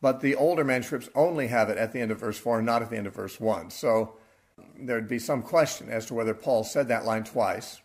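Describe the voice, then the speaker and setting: Male Bible teacher, mid-pitched, explanatory and unscripted, works through scripture verse by verse with small self-corrections. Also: fairly quick, breathy edge.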